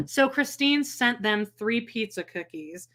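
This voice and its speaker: A woman's voice: on the high side, animated, unhurried, a bit bright. A woman co-hosting a live stream, chatting casually and snarkily about a reality show, quoting people and laughing often. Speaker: podcast co-host. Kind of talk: casual snarky TV recap chat. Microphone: home podcast mic, live stream.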